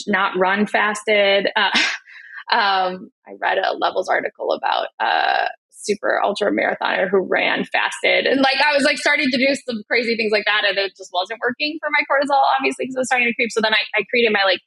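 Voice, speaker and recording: A woman in her thirties, a guest chatting in a casual, rambling, animated way during an interview. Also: mid-range voice, vocal fry, rough recording. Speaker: guest, nonprofit CEO.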